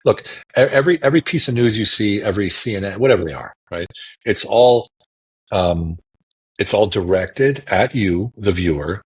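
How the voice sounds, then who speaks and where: A man's voice: lowish voice, animated, normal speed, breathy edge. A man talking as a podcast guest on a remote call, emphatic and repeating words for stress. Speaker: guest political commentator. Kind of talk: casual podcast talk.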